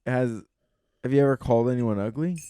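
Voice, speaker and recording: Dude co-hosting a podcast, short doubtful replies, clean smooth voice, dry. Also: male voice, mid-range voice, warm tone, dry recording. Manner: skeptical, quick short replies and questions. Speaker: podcast co-host. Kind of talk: casual chat.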